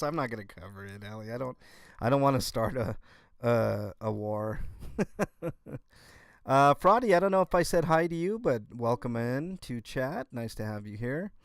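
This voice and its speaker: A man hosting a casual livestream from home, talking with his viewers in a halting way and often restarting his sentences. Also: medium pitch, clean tone, no echo, clean studio sound. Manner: halting, restarts and repeats words. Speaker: livestream host. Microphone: computer setup.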